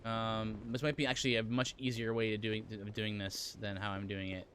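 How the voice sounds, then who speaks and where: Fairly quick and fairly bright, this man's low voice shows little pitch movement. He plays a game live while chatting casually, responding to viewer chat and using lots of fillers. Slight background noise is present.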